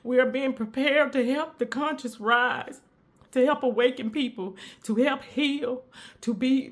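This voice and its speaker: Woman preaching hard to the camera, fairly high voice, says the same thing over and over for emphasis. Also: a little slow. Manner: emphatic, repetitive, preacher-like cadence. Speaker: spiritual content creator. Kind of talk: inspirational preaching monologue.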